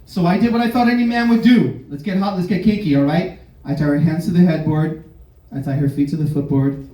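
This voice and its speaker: Stand-up comic, male, from Miami, higher-voiced and very lively delivery, heard from a distance in a roomy club. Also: a little fast. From Miami, United States. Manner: animated, jumps into mocking voices for bits. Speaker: stand-up comedian. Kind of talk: stand-up comedy set. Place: comedy club stage.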